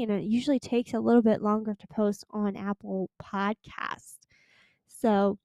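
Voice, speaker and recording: A woman's voice: fairly high pitch, darkish tone, no echo. A teenage girl hosting her own podcast, chatting casually and pleading earnestly with her listeners. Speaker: podcast host. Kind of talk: casual solo podcast chat.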